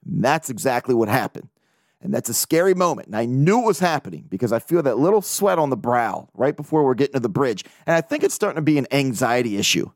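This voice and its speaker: A man's voice: mid-range voice, sing-song, quick pace, no echo, studio quality. A man hosting a casual solo podcast, rambling and joking, swearing freely as he talks. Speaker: podcast host.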